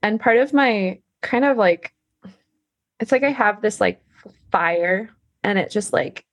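A woman's voice: medium pitch, expressive, takes it slowly, no echo. A young woman, a professional climber, chatting in a casual podcast interview, laughing often and talking with many fillers.

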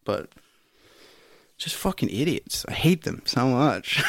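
A man's voice: mid-range voice, very animated, slow, fairly bright tone, no room sound, studio quality. A man co-hosting a podcast, telling a rambling, profane story and laughing often. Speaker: podcast co-host. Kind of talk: casual podcast chat.

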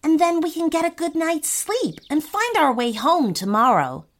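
A woman's voice: sits high, sing-song, moderate pace, voice pushed up. A woman voicing an earnest young boy. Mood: calm. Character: brave boy, the older brother.

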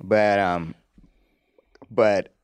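A man's voice: on the low side, steady tone, drawn-out words, smooth. A man co-hosting a podcast, chatting casually in a laid-back, slangy way and laughing often. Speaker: podcast co-host. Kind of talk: casual recap chat.

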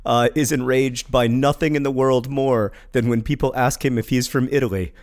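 A man co-hosting a podcast in relaxed, casual chat. He delivers his lines with a dry, wry wit and laughs easily. His voice has an ordinary middle pitch for a man. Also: moderate pace. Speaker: podcast co-host.

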